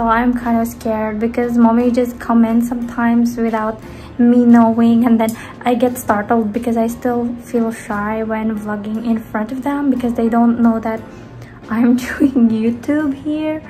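Young woman from the Philippines, slightly high voice, rambling home vlog that trails off softly. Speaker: vlogger. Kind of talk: casual chatty vlog. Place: indoors at home.

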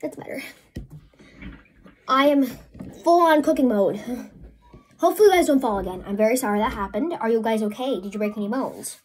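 A woman's voice: on the high side, lively intonation, a little fast, pauses often, a little hiss or hum. A woman chatting casually through a messy home crafting vlog, flustered and apologetic as things go wrong. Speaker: vlogger. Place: home, indoors at a work table.

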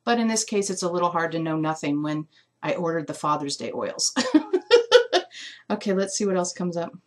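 A woman with a slightly low voice talks through an intuitive essential oil reading live. She muses aloud, trails off and restarts as she hunts for the right words. At times she sounds moved, close to tears. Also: normal speed. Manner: musing, searching for words with many fillers.

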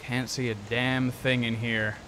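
A man doing a gruff, cursing grown man. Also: medium pitch, flat delivery, a little slow, pushed and bright, slight background noise. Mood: grumbling. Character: gruff, frustrated grown man, swears a lot.

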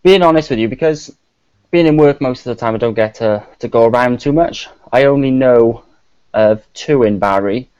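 A man's voice: medium pitch, normal speed, a little mellow, clean tone, dry recording. A man with a Welsh accent, a guest on a live-streamed chat, laid back with dry humour. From South Wales. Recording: dull lo-fi mic.

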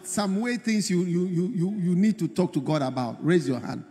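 Animated high-voiced preacher. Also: male voice, moderate pace, hardly any pauses, slightly rough, big-room sound. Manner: animated preaching, repeats words, acts out prayers. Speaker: pastor. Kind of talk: sermon.

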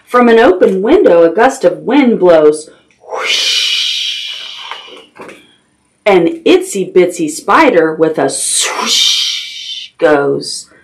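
Slow sing-song woman reading to toddlers. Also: fairly low pitch, very animated, darkish tone. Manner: sing-song, playful with animal sounds and sound effects. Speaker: children's librarian. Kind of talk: reading a picture book aloud to toddlers.

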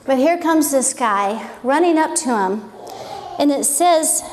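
A woman's voice: sits high, lively intonation, slow pace, darkish tone, a little hiss or hum. A woman giving an informal Bible lesson, chatty and wondering aloud. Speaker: Bible teacher. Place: church hall. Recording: echoey hall with long reverb.

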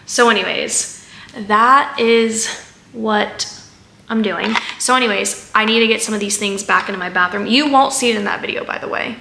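A woman's voice: medium pitch, moderate pace, gravelly, reverberant, background noise. A woman chatting casually through a haul vlog, rambling with fillers and asides as she sorts items. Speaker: haul vlogger.

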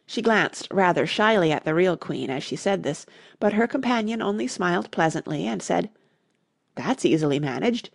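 A woman narrating an audiobook in an expressive storytelling manner. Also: lowish voice, moderate pace, gravelly, no echo, studio quality. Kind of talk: scripted narration.

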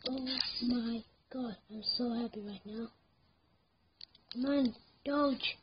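A woman giving live commentary on her gameplay, excitable, yelling at the game and repeating words over and over. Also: a little high, slow, long pauses, dull audio, noisy background.

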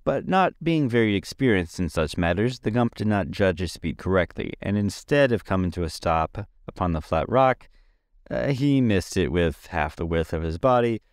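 Low-voiced man reading a children's story. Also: no room sound, studio quality. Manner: plain reading with frequent 'uh' fillers. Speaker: podcast reader. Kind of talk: amateur audiobook reading.

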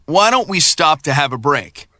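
A bright, easygoing young guy. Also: on the high side, sing-song, moderate pace, no echo, exaggerated voice. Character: friendly young man, driver with hiccups. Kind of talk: textbook listening dialogue.

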